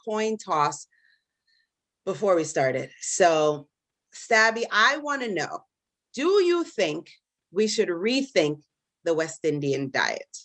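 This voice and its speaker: Moderating a live podcast debate, this US-based woman of Caribbean diaspora background is chatty and self-deprecating, full of fillers and restarts. She speaks slowly and very animatedly with long pauses, in a fairly low, slightly bright voice recorded without room sound.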